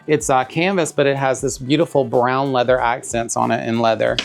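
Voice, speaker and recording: A man talks through an unboxing in a chatty, gushing way, calling his viewers y'all. His mid-pitched voice has a gravelly fry to it. Soft music plays faintly underneath. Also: fairly even intonation, brisk. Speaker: bag reviewer. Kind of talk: casual unboxing vlog.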